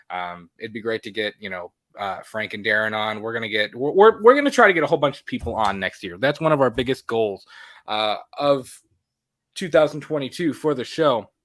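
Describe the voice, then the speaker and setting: A man's voice: on the low side, a bit bright, no echo. A man co-hosting a casual movie podcast, rambling with plenty of fillers and restarts. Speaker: podcast co-host.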